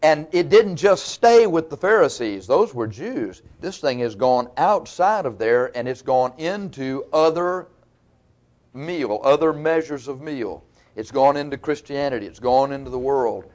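A man's voice: mid-range voice, animated, unhurried, a little mellow. A man preaching a sermon in a folksy, conversational way, teaching verse by verse with asides to the congregation.

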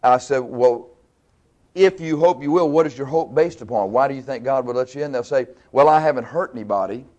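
A man preaching a sermon, asking his listeners questions and answering them himself, with loudness and pitch rising and falling. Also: fairly quick, highs cut off. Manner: varies pitch and loudness widely.

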